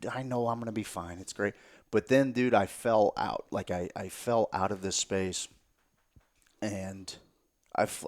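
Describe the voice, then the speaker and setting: Male podcast guest, lowish voice, casual and animated storyteller, profane, drops to a near-whisper at times.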